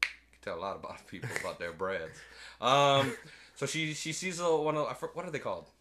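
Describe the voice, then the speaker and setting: A man casually recapping a movie with a co-host, animated, jumping into squeaky character voices and swearing freely. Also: a little fast, background noise. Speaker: podcast co-host.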